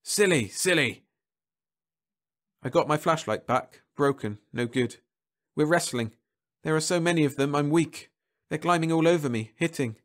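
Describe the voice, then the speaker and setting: A man's voice: a little high, moderate pace. A man narrating a science fiction story aloud in a dramatic, emotive first-person reading.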